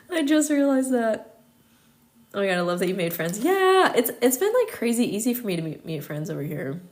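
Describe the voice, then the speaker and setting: A woman's voice: a little high, very animated, a little fast. A young American woman with an American accent, hosting a casual livestream chat, talking chattily with many fillers and frequent laughs. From United States. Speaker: host.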